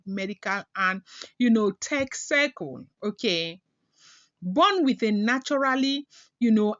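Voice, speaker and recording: A woman's voice: mid-range voice, a bit bright, no echo, lo-fi sound. Chatty woman gossip vlogger. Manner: chatty, keeps adding "okay?" and "you know". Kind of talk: casual gossip monologue.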